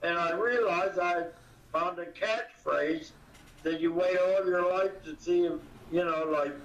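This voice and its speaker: An older man, a comedian guest in an interview, talking in a halting way with many pauses and fillers, recorded from a distance. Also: sits high, a bit bright, slight background noise. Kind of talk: casual interview. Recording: distant, echoey, dull audio.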